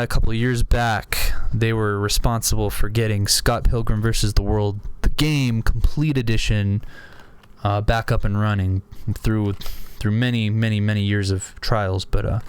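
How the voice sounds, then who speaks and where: A man's voice: lowish voice, steady tone, measured pace, clear, resonant tone. A young man with a sore throat, rambling casually at his desk about items he collects, full of restarts and fillers. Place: home room at a desk.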